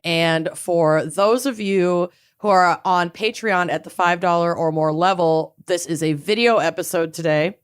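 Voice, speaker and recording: A woman's voice: fairly low pitch, a little slow, few pauses, smooth. A woman in her thirties co-hosting a casual podcast, telling stories in a chatty way and swearing as she laughs along. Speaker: co-host. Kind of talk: casual chat. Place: home studio, video recorded.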